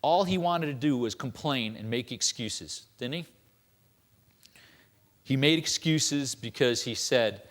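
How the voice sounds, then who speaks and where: A man's voice: medium pitch, lively intonation, takes it slowly, pauses often, a bit bright. A man giving a sermon as a church elder, telling stories conversationally and tossing in rhetorical questions.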